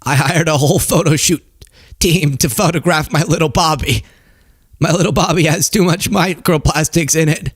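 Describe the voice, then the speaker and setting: A man's voice: fairly high pitch, normal speed, slightly rough, dry recording, studio quality. A man doing a mocking impression of a rambling older male politician who pleads and confesses. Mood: pleading.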